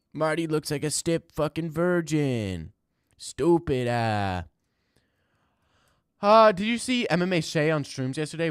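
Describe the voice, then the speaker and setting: A young man streaming live, reading chat and answering in loud, mock-outraged rants. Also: a little high, smooth, no room sound, clean studio sound.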